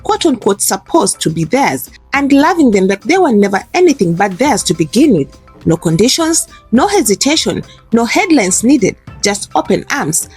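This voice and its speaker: A woman reading a scripted narration in an earnest, measured way. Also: a little high, darkish tone, slightly rough.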